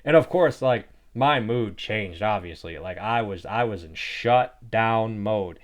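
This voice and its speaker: A man's voice: on the low side, expressive, unhurried. A young man hosting his own podcast, telling a personal story in a loose, rambling way and saying "like" constantly. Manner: rambling, heavy use of "like". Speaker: podcast host. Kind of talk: casual storytelling.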